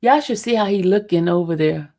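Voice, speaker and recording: A woman's voice: lowish voice, a little fast, a little mellow. A woman chatting casually with her viewers and teasing her dog with playful questions.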